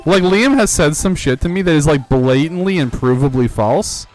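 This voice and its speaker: A man's voice: on the high side, lively intonation, normal speed, darkish tone, soft background music. A man hosting a game stream, chatting casually and rambling with lots of fillers and frequent laughter. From United States. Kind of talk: casual chat while gaming.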